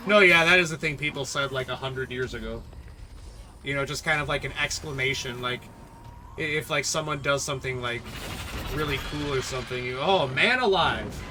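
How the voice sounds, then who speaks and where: A man's voice: fairly high pitch, pushed and bright, slight background noise. A young American man chatting casually on a live stream while gaming, laughing often and answering chat. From United States.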